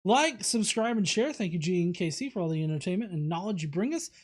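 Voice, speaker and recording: A man's voice: high voice, lively intonation, fast. Casual man reading viewer comments. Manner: casual, many fillers and restarts. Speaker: host.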